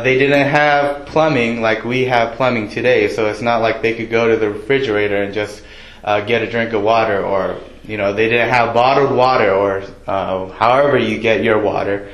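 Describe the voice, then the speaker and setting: A man delivers a sermon in a loose, conversational manner, pausing often with ums and uhs. His voice sits at an ordinary middle pitch. The room around him rings with echo. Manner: casual, conversational preaching with many fillers. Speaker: preacher. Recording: echoey room.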